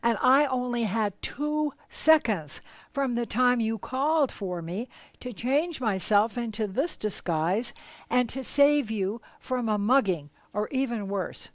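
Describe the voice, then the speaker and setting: A woman voicing a stern male spiritual teacher who scolds his disciples in slow, measured tones. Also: a little high, expressive, dry recording.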